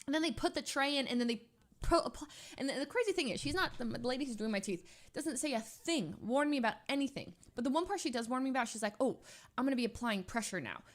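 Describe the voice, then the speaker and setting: A young adult woman streamer rambling through a casual story, animated and full of filler words. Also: high voice, fast talker.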